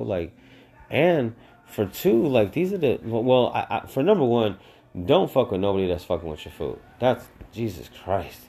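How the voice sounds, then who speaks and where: A man hosting a podcast, telling rambling stories in a profane, animated, casual way. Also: low voice, unhurried. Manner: profane, animated, tangent-prone. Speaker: podcast host.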